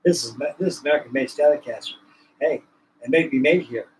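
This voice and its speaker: A man's voice: mid-range voice, brisk, a little hiss or hum, low-quality recording. A man hosting a livestream, chatting casually in a folksy, rambling, colloquial way. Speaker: livestream host. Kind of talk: casual chat.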